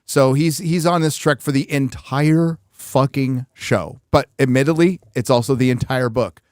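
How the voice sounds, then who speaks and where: A man's voice: medium pitch, a little slow, a little mellow, no room sound, clean studio sound. A man hosting a casual panel chat, rambling and restarting as he explains. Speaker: podcast host.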